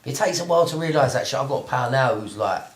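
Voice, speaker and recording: A man hosting a relaxed interview podcast, chiming in often with agreement. His pitch sits in an ordinary middle range. The sound has a roomy echo. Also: fast talker. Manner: frequent agreeing backchannels. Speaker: podcast host. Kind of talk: casual interview chat.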